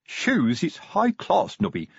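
A man's voice: high voice, huge pitch swings, slow, creaky, slightly rough, dry recording, dull audio, pitched above the performer's own voice, heavily acted. A man voicing a portly, plodding watch sergeant who tries to sound official, in an audiobook. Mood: officious. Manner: earnest, trying to sound official. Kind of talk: audiobook character voice.

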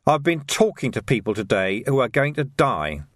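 A man voicing a gruff, weary male watch commander who speaks in irritable, forceful outbursts. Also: mid-range voice, big pitch swings, normal speed, no echo, clean studio sound.

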